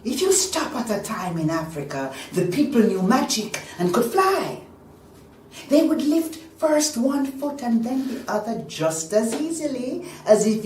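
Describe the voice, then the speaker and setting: A woman performs a folk tale for a live audience, her slow, low-pitched voice dropping to hushed whispers and then rising to loud cries. She is heard from far off in a roomy space, with faint background noise underneath. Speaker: storyteller. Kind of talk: dramatic live folk storytelling.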